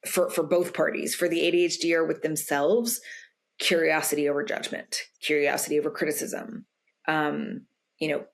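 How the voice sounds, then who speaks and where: A young adult woman, a coach guest on a podcast, explaining in casual conversation and acting out quoted remarks with sudden jumps in pitch. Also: normal speed, gravelly. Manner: animated, acts out quoted lines in a raised pitch. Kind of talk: conversational interview answers.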